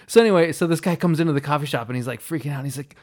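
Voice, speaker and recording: Podcast host, young-sounding guy, rambly storyteller, slightly high voice. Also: racing, darkish tone. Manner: rambling, many likes, self-amused laughs. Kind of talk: casual storytelling chat.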